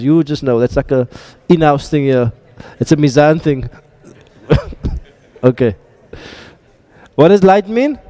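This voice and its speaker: In a classroom, a male Arabic teacher runs a lecture with drills, quizzing his students and making joking asides. His voice is a little high and mellow, trailed by a long reverb tail.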